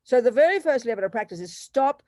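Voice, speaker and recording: A woman's voice: on the high side, lively intonation, quick pace, mellow, dry recording. Emphatic, direct woman nun teaching a class; dry, close recording. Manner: emphatic, direct, calls people sweetheart. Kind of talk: teaching and answering questions.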